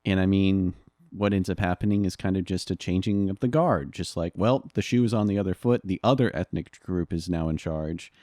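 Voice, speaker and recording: A man's voice: deep voice, fairly quick, mellow, no room sound, clean studio sound. A man co-hosting a casual history podcast, telling anecdotes and laughing at them. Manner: storytelling, laughs at his own anecdotes. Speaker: podcast co-host.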